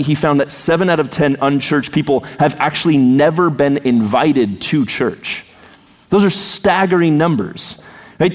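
Earnest male pastor preaching in a reverberant hall. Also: on the high side. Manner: earnest, with emphatic pauses and slowed quotes. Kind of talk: sermon. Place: church sanctuary.

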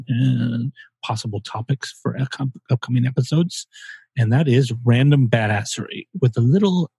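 His mid-range voice is husky and dark-toned, captured with no room sound. As co-host of a casual podcast, he rambles through the chat with jokes and an occasional swear word.

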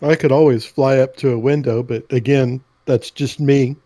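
A man's voice: medium pitch, fairly even intonation, moderate pace, warm tone, dry recording. A man playing a tabletop game, speaking in a laid-back way. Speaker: player. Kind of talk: casual chat at a game table.

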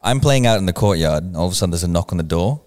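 A Filipino man with a low voice talks at a racing pace while co-hosting a podcast. He's an animated storyteller, trading stories in casual chat and laughing often.

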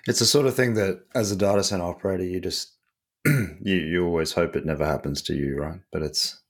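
A British man with a low voice joins a relaxed tech chat. He speaks in a wry, dry way. He answers plainly and briefly. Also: a little fast.

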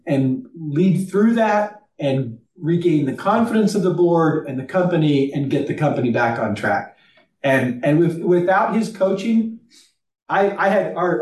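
A man's voice: fairly high pitch, a little mellow, recorded from a distance. A man who leads a company, a guest in a podcast interview, telling a story earnestly with frequent restarts and fillers. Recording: roomy echo, off-mic.

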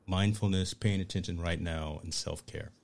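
A man's voice: low-pitched, steady tone, normal speed, vocal fry. A man hosting an interview in a casual, enthusiastic way, often repeating words as he starts a sentence. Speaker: podcast host.

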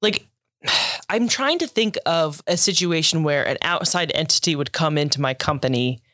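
A woman's voice: deep voice, expressive, moderate pace, a bit bright, no echo. Give me a chatty woman co-host who laughs often, recorded dry. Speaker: podcast co-host. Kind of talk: casual chat.

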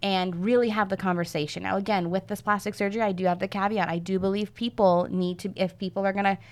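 Woman, thirties, podcast guest, lively storyteller, casual chat. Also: mid-range voice, fast talker. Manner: animated storyteller, acts out quoted voices. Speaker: podcast guest, fitness coach.

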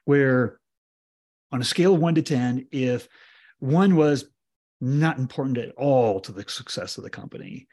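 A man's voice: mid-range voice, animated, a little slow, darkish tone. A man hosting a podcast, framing his questions conversationally and often rephrasing mid-sentence. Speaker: podcast host. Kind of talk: interviewing in a business podcast.

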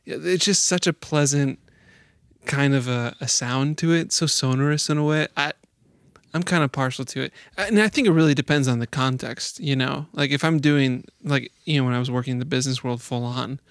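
A man's voice: mid-range voice, fairly quick, no echo. A man from the Chicago area chatting casually as a podcast co-host, easygoing and laughing often, with frequent "like" and "you know". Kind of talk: casual chat.

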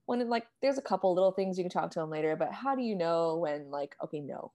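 A woman with a slightly low voice asks questions in a casual, friendly way. She laughs often and shares her own coaching habits as she goes. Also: animated, quick pace, warm tone. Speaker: interviewer and fellow coach. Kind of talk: casual conversation.

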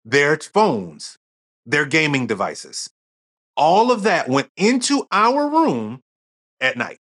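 A man's voice: on the high side, wildly swooping pitch, takes it slowly, fairly bright tone. A middle-aged man as a podcast guest, telling stories in casual conversation and acting out quoted dialogue.

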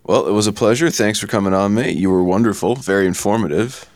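A man hosting a casual interview and asking his guest friendly, relaxed questions. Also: fairly low pitch, quick pace, no room sound. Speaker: podcast host.

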